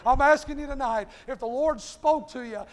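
A fervent preacher with a strikingly high voice, pleading with his congregation and peppering each line with "hey." His voice rings out with a long echo, as if through a big church. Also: normal speed. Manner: impassioned, repeats "hey" constantly. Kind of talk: sermon. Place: church sanctuary. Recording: long hall reverb.

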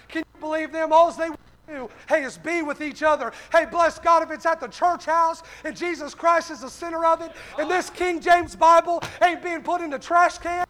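High-pitched preacher man. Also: fairly even intonation, moderate pace, bright, forceful tone. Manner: punctuates lines with "hey", preaching cadence. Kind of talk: fiery sermon.

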